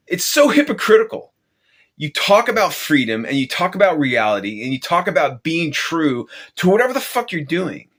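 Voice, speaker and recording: A man hosting his own channel, delivering an angry, profane rant with lots of swearing and restarts. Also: a little high. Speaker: channel host.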